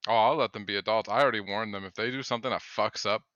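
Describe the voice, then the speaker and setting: Bright, crisp-voiced man playing a tabletop game. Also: lowish voice, rapid-fire, no echo, dull audio. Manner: relaxed, laughs easily. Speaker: player.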